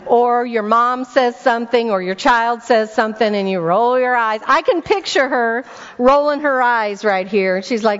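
Speaking at a moderate pace in a fairly high voice, a woman delivers a sermon at a church weekend event before a congregation in a church hall. Her style is storytelling, with rhetorical questions to listeners and repeated words for emphasis, captured in a dull recording with strong hall reverb.

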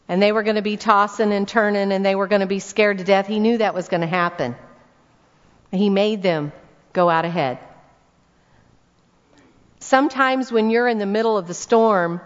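A woman preaching a conversational sermon to women, reading scripture and asking her listeners direct questions. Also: medium pitch. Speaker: women's ministry speaker. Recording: dull sound with long hall reverb.

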